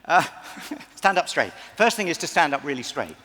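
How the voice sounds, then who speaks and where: A man's voice: a little high, big pitch swings, moderate pace, sharp tone. A man coaching audience volunteers on a convention stage, playful and theatrical, often laughing. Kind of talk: live stage banter. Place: large convention hall stage with a live audience. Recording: long hall reverb, crowd and noise.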